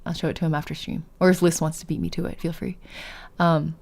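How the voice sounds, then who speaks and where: A woman's voice: low-pitched, flat delivery, fast, gravelly, a little mellow. A young woman streamer narrating a visual novel and chatting with her viewers, laughing often. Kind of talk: let's play narration and chat.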